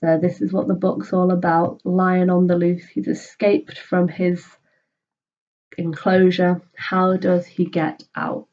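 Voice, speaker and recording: A woman's voice: fairly low pitch, completely flat delivery, takes it slowly, darkish tone, highs cut off. A woman teacher reading a children's book aloud and patiently explaining it in simple words.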